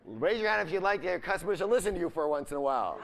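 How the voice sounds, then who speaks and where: A man's voice: high-pitched, big pitch swings, very fast, creaky, fairly bright tone, slight background noise. A man giving a live seminar, full of upbeat energy, constantly asking the audience questions and leaving the ends of his sentences for them to fill in. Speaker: seminar speaker.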